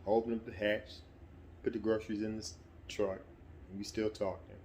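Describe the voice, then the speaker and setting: A middle-aged man with a somewhat low voice tells a personal anecdote in an easygoing, conversational way. He slips into livelier, more animated delivery now and then. A faint hum of ambient noise sits behind him. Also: brisk. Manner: relaxed, conversational, breaks into animated quoted voices. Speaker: storyteller. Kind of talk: casual spoken anecdote.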